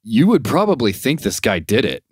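A young man co-hosting a podcast, casual chat, swearing a lot and retelling a story with lively impressions. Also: medium pitch, normal speed, slightly rough, dry recording, studio quality. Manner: profane, animated retelling with rising shouty impressions. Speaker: podcast co-host.

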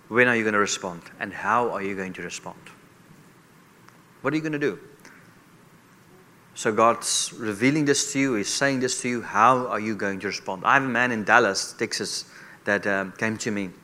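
Male guest preacher, bright tense delivery, repetitive questioning sermon style. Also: on the low side, normal speed, long pauses.

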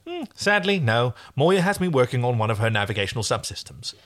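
A man's voice: medium pitch, big pitch swings, a little fast, a bit bright. A man voicing a polite alien ship pilot creature who speaks in an apologetic, courteous way.

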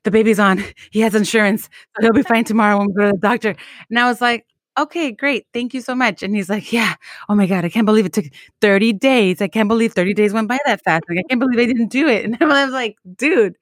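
A woman co-hosting a podcast, telling a family story in casual chat and mimicking her husband with expressive, laughing delivery. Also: medium pitch, fast talker, no echo, clean studio sound. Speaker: podcast co-host.

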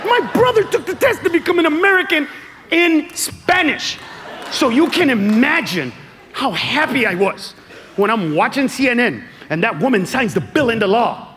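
High-voiced animated male stand-up comic. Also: normal speed. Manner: animated, shouting punchlines, acts out characters. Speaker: stand-up comedian. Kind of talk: stand-up comedy set. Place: comedy club stage before a laughing audience. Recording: live club recording with loud crowd and noise.

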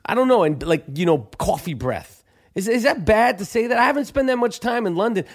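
High-voiced New York podcast host. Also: male voice, expressive, a little fast. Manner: rambling, stammering restarts, profane. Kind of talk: casual podcast chat.

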